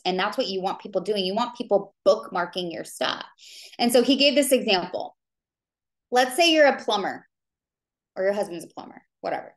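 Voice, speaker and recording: A woman's voice: mid-range voice, a bit bright. A woman in her thirties giving a casual live training call, chatty and rambling with lots of fillers. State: tearful. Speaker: business coach.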